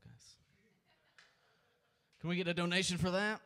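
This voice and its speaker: Guy with a high voice doing a cussy stand-up rant at open mic. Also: big pitch swings, fairly quick, vocal fry, pauses often, pushed and bright. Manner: profane, ranting, exasperated. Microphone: handheld stage mic.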